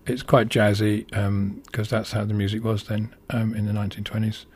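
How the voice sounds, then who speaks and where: A man's voice: lowish voice, completely flat delivery, normal speed, a little mellow, slightly rough. A man presenting a music show, talking unscripted and hesitantly with many ums and restarts. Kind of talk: casual unscripted radio-style introduction.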